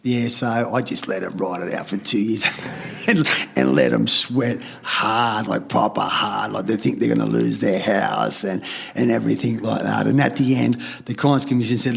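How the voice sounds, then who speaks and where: A man's voice: lowish voice, fairly even intonation, moderate pace, creaky, slightly rough. A middle-aged Australian man, a podcast guest, telling a story in a rambling, fired-up way, swearing heavily and acting out other people's lines. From Sydney, Australia. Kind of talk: candid storytelling in conversation.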